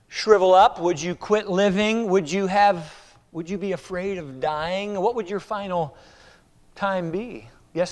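A man preaching a sermon in a church, firing rhetorical questions and swinging between loud urging and hushed, quiet passages. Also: on the high side. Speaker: pastor. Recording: reverberant hall.

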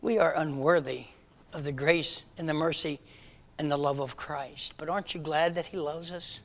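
Male preacher, high voice, sermon in a church; big emphatic swells and hushed drops. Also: steady tone, normal speed. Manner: dynamic, swings from loud emphatic to hushed.

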